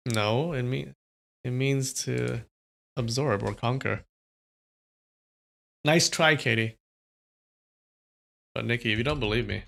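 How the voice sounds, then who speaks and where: A man with a gravelly, mid-pitched voice reads a novel aloud on a livestream. Between passages he drops into casual, chatty asides to his viewers. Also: takes it slowly, long pauses, fairly bright tone. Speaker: livestream storyteller.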